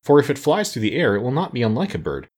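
A man's voice: medium pitch, huge pitch swings, quick pace, a little mellow, breathy edge, voice pushed up. Thoughtful straw man, as a man voices him, light and raised, storybook. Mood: reasoning. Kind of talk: storybook reading.

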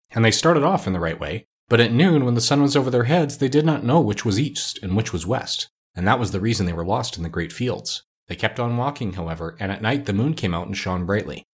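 Husky low-voiced male storyteller. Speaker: narrator. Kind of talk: storybook reading aloud.

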